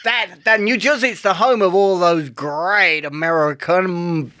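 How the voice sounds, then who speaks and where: Homme enjoué à l'accent du West Country, voix aiguë. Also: male voice, high-pitched, measured pace, bright, forceful tone. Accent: West Country English. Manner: playful, giggly, theatrical. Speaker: co-host. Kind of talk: comic biscuit-tasting chat.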